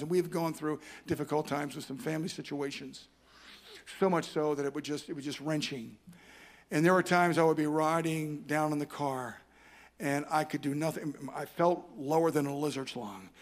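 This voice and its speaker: A man preaching a fervent sermon at a church conference, with folksy homespun sayings. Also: a little high.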